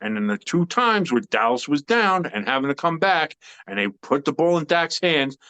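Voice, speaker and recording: A man's voice: on the high side, very animated, normal speed, pushed and bright, smooth. A man co-hosting a sports podcast in casual chat, opinionated and emphatic, rambling with fillers. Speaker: podcast co-host.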